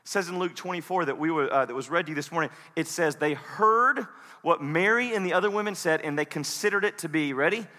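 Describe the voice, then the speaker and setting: A man preaching a sermon as an animated storyteller who slips into different voices. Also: on the high side, fast, in a large hall. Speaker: pastor. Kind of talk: sermon with dramatic retelling.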